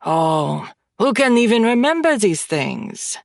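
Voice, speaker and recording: A woman reading an audiobook voices a suave, sardonic French male friend, pitched lower than her own voice. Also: big pitch swings, slow pace, creaky, no room sound, studio quality, full character voice. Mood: teasing. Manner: playful, sardonic.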